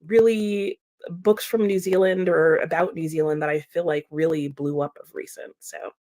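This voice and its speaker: A woman's voice: deep voice, fairly even intonation, moderate pace, mellow. A woman hosting a book livestream, chatting casually and laughing often as she reads out viewer comments. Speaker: booktube host reading chat comments.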